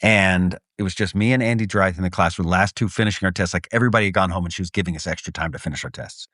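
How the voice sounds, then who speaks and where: A middle-aged man co-hosting a podcast, telling stories with lively energy and swearing freely. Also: low-pitched, racing, no echo, clean studio sound. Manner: lively storyteller, acts out voices, swears freely. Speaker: podcast co-host. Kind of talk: casual chat, animated storytelling.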